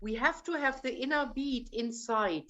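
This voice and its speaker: A woman's voice: sits high, expressive, normal speed, fairly bright tone, lo-fi sound. A woman coaching an opera singer in a masterclass. She is direct and insistent, and she calls the singer darling. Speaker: vocal coach.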